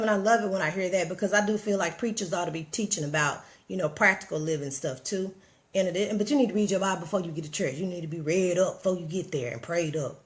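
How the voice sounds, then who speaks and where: With a medium-pitched voice, a female vlogger from the American South gives an informal, preachy motivational livestream. She's lively, talks right to viewers, and reads their comments aloud.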